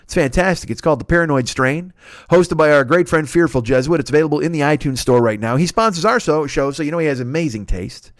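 A man's voice: a little high, animated, quick pace, dry recording, studio quality. A man hosting a podcast, rattling off plugs and sponsor reads in a loose, rambling, profane way with frequent self-corrections. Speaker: podcast host.

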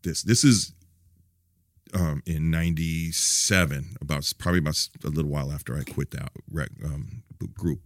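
A man's voice: very deep voice, dry recording, studio quality. A middle-aged man telling stories as an interview guest, swearing casually, restarting his sentences and acting out other people's lines. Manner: profane, loose, halting restarts; acts out quoted voices in stories. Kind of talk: candid storytelling interview.

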